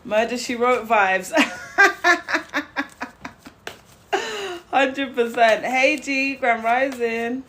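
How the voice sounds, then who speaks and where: A woman's voice: high voice, animated, drawn-out words, long pauses, sharp tone, slight background noise. Blunt, chatty woman livestreaming. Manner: blunt and chatty, greets viewers, laughs often. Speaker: livestream tarot reader. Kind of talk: casual live-stream chat.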